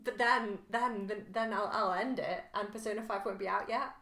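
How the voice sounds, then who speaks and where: A woman co-hosting a podcast, chatting casually with giggles and quieter asides. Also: mid-range voice, steady tone, normal speed, vocal fry. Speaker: podcast co-host. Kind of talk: casual chat. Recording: roomy echo.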